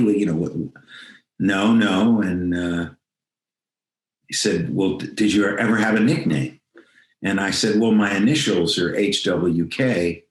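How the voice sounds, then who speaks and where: A man's voice: sits low, measured pace. Older man telling a story, roomy video call. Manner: reflective, acts out quoted dialogue. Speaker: interview guest. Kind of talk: storytelling in a remote interview.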